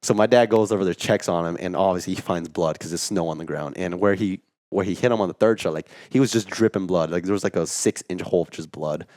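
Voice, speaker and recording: A man co-hosting a podcast, telling a story in casual chat, animated and full of "like", acting out what people said. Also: low-pitched, fast talker, few pauses, no echo, clean studio sound. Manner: animated storyteller, acts out quotes, says "like" a lot. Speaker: podcast co-host.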